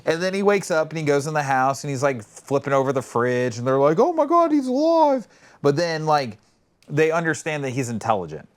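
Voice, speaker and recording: A man co-hosting a podcast in casual chat, telling stories in a rambling, animated way and acting out quotes with swearing. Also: medium pitch, brisk, smooth. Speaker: podcast co-host.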